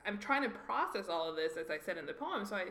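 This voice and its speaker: Woman, middle pitch, animated storyteller, roomy echoey room. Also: fast, a little hiss or hum. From Mexico. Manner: animated, acts out quoted voices. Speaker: guest. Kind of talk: conversational storytelling.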